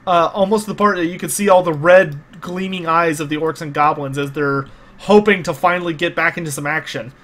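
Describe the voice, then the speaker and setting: A man's voice: fairly high pitch, steady tone, a little fast, fairly bright tone. A man narrating a tabletop game as game master, explaining the rules patiently with many small hesitations.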